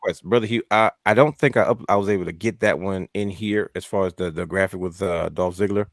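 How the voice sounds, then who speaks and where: A man co-hosting a wrestling podcast, telling stories in a lively way and acting out his own reactions. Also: low voice, quick pace, no room sound, studio quality. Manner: animated storyteller, acts out his own thoughts. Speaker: podcast co-host. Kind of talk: casual wrestling chat.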